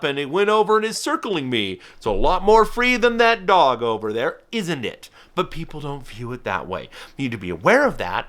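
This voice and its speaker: Animated man talking falconry. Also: fairly high pitch. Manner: animated, with frequent restarts and playful put-on voices. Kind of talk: educational talk to camera.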